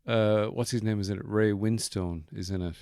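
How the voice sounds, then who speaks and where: Low-voiced, joking male podcast host. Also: steady tone, normal speed, darkish tone, clear, resonant tone, no echo, studio quality. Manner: playful, joking asides. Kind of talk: casual chat. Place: bedroom.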